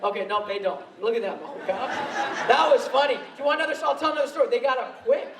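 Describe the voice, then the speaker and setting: On a convention stage, a man tells laughing, self-mocking anecdotes into a handheld mic. His very high-pitched voice comes rapid-fire, captured from afar in an echoey hall with crowd noise around.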